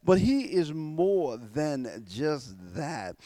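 A male pastor preaching a sermon to his church, emphatic and slowing down to stress key words, often repeating and restarting. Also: on the high side, very animated, warm tone, dry recording.

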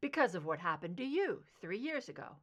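A woman reader voicing a gentle, concerned male friend who talks in a measured, probing way. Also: medium pitch, sing-song. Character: gentle, concerned man, old family friend.

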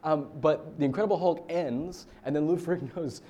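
A man's voice: fairly high pitch, moderate pace, dark tone, dull audio. A man in his thirties from the United States giving a casual, story-filled sermon as a pastor, with chatty fillers.

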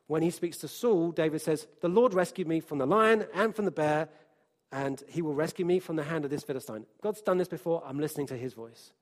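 Male preacher, high voice, dynamic sermon delivery, hushed one moment and emphatic the next.

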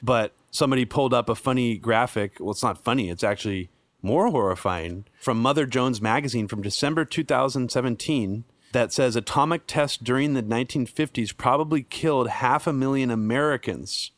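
A man's voice: mid-range voice, fairly quick, dry recording. Blunt, foul-mouthed man hosting a podcast. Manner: blunt, swears freely. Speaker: podcast host. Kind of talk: casual chat.

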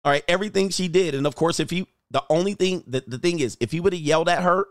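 A man's voice: on the high side, fast, dry recording, studio quality. A dating coach giving blunt, profane reaction commentary, laughing at his own points and firing off mocking rhetorical questions.

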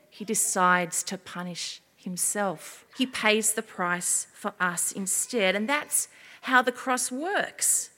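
A woman giving an expressive children's sermon as a preacher, often asking her listeners questions. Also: a little high, long reverb tail.

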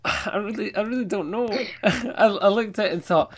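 A man with a fairly high voice thinks aloud about a comic's ending in a relaxed, casual chat. He laughs often and wonders openly about what he has read. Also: normal speed, slightly rough.

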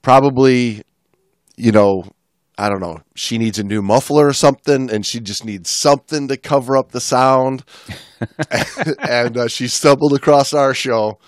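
A chatty man with a Midwestern American accent hosts a casual podcast, talking through listener mail in a relaxed, joking way. His voice sits in a middle range and is recorded close and dry on a podcast mic. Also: mid-range voice, unhurried, no room sound. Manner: chatty, reads listener mail aloud, laughs at own jokes. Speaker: podcast host. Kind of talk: casual chat.

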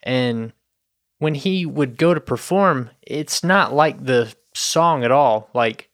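Young man, smooth clear voice, laid-back podcast chat, dry close sound. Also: medium pitch, slow, fairly bright tone, no echo. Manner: laid-back, swears casually. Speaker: podcast co-host. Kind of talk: casual chat.

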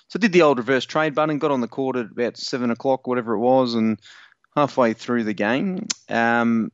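A man's voice: medium pitch, fast talker, clean tone, no room sound, dull audio. A man co-hosting a casual sports podcast, rambling through a story and swearing a lot. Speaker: podcast co-host.

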